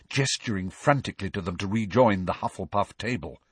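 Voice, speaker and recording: A man narrating an audiobook in an expressive storybook reading style. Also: sits low, moderate pace, few pauses, husky, dry recording. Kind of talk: scripted narration.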